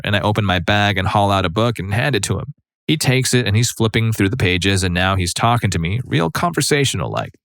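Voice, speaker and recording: A man's voice: lowish voice, expressive, brisk, gravelly, fairly bright tone, dry recording. A man narrating online stories in a conversational, wry storytelling manner.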